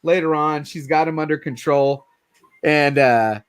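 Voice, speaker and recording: A man's voice: a little high, measured pace, clear, resonant tone. A man in his forties hosting a late-night livestream, chatting casually, laughing often and swearing freely. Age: 40s. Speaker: livestream host.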